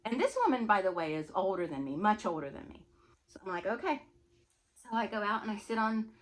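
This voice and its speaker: A woman vlogger tells a personal story in a relaxed, chatty voice. Her delivery is animated and often breaks into laughter. Her pitch moves freely through the story. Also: fast talker. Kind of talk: casual storytelling.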